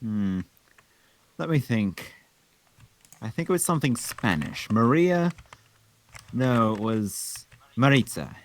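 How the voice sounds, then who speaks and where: A man's voice: medium pitch, big pitch swings, takes it slowly, long pauses, slight background noise. A man reading the part of a prim, gossipy older woman clerk in a table read.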